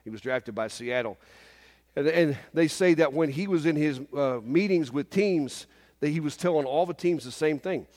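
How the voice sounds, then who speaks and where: A man in his fifties preaching a sermon in a church service, animated and often asking the congregation "Amen?". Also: a little high, normal speed, long reverb tail. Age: 50s.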